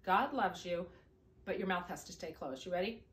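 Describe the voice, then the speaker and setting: A woman leads a children's singing lesson, teaching young children songs and scripture in an upbeat, coaxing way, speaking straight to them. Her lowish, expressive, slightly bright voice moves at normal speed in an echoey room.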